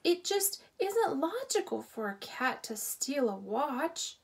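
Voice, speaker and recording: A woman's voice: high voice, sing-song, slow, gravelly, pitched above the performer's own voice, full character voice. A woman voicing a kindly but doubtful teenage boy, speaking hesitantly with wonder, in a storybook reading.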